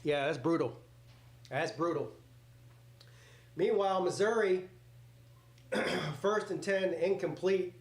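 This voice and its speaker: A man talks through a football game live, rambling and getting excited over each play, with a voice that sits a little high. He swears casually as he goes, and his mic picks up a roomy, echoey space around him. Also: takes it slowly, pauses often. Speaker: live reaction host. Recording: roomy echoey home setup.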